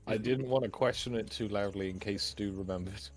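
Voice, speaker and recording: A man's voice: on the low side, a little fast. A man playing a tabletop game, dry and joking. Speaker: player. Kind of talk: tabletop role-play.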